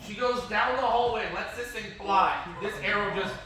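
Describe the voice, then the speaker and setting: Energetic taekwondo instructor guy, kinda high voice, far from the mic in a super echoey gym. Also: normal speed, crowd noise. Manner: energetic, animated, calls out drills. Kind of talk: class instruction and storytelling. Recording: echoey hall from far off, noisy.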